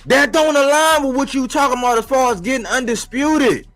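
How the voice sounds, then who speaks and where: A man giving a casual, slangy boxing commentary monologue for a live stream, animated and rhetorical, repeating his points. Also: very high voice, fairly quick, soft background music. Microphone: live-stream mic.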